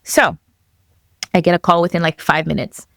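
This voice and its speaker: A young adult woman telling her own story as a podcast guest, animated and acting out the voices of the people in it, laughing often. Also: lowish voice, moderate pace, creaky, no room sound, studio quality. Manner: animated, acts out quoted dialogue, laughs often. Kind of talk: personal storytelling.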